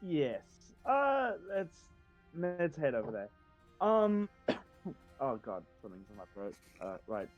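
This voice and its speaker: A man playing a tabletop game chats in a hesitant, joking manner. His voice is lively and slightly high, recorded a little dull with music behind. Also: takes it slowly. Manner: hesitant, joking, with many fillers. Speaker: player. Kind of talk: casual chat during a tabletop game.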